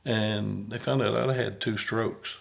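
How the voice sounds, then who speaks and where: Gravelly low-voiced man hosting a podcast. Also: steady tone, slow pace. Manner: rambling, folksy, repeats words as he starts phrases. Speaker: podcast host. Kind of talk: casual conversation.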